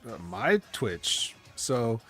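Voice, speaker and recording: Calm man chatting on a podcast. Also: medium pitch, drawn-out words, husky, faint music behind. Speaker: podcast co-host. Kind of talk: casual wrestling podcast chat.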